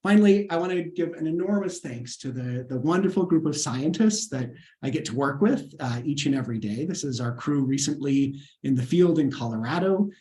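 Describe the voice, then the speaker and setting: A man's voice: on the high side, animated, a little fast, few pauses, dark tone. A man, a scientist, giving an earnest lecture over a video call webinar and answering questions, with frequent fillers and restarts.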